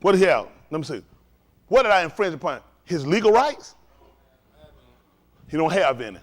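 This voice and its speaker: A man's voice: fairly high pitch, very animated, normal speed. A man teaching a religious study group in a fiery preaching style, profane and provocative, firing rhetorical questions at the room.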